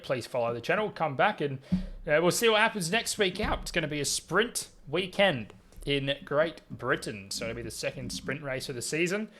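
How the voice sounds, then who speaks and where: A man's voice: on the high side, pushed and bright. A man commentating a sim race and interviewing drivers afterwards, upbeat and calling everyone mate. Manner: upbeat, says "mate" a lot. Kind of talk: casual sim racing commentary.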